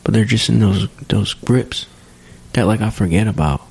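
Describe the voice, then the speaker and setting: Gravelly low-voiced man, earnest and halting. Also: a little mellow. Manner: earnest, halting, repeats phrases with "you know". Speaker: podcast guest. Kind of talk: candid podcast conversation. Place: home basement studio.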